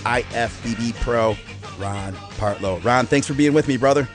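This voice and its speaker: Male podcast host, upbeat, casual swearing, mid-pitched voice. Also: moderate pace, over music. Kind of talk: energetic show intro and interview.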